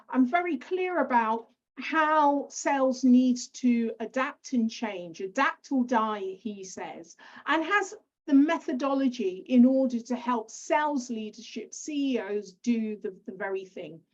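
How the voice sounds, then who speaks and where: A middle-aged woman with a British accent hosts a podcast, her voice sitting fairly high and coming through dull, lo-fi audio. She asks her questions with enthusiasm. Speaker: podcast host. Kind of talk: podcast interview.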